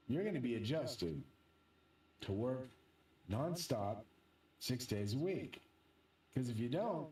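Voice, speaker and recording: A man rambling through a profane, excitable monologue as host of his own channel. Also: mid-range voice, takes it slowly, long pauses, reverberant, recorded from a distance, poor audio.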